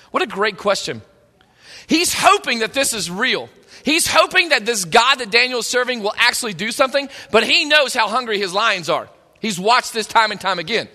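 Man, pastor, emphatic sermon, calls for amens, high voice, sharp bright tone. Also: animated, normal speed. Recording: long hall reverb.

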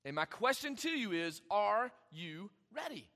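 A man preaching a sermon, emphatic, with dramatic pauses and sudden swings in volume. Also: high-pitched, big pitch swings, pushed and bright, big-room sound. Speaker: pastor.

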